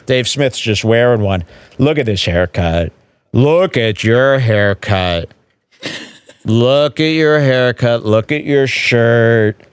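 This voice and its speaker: A sarcastic man tears into a comedy clip, jumping from scornful asides into loud mocking impressions. His voice sits at an ordinary middle pitch and sounds dry and close, with no room around it. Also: takes it slowly, smooth, dry recording. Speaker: podcast host. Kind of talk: mocking commentary over a clip.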